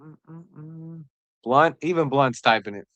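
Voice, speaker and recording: Woman stream host, excitable live reactions, lowish voice, dry sound. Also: slow pace, no echo, muffled recording. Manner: excitable and joking, reads out and answers chat messages.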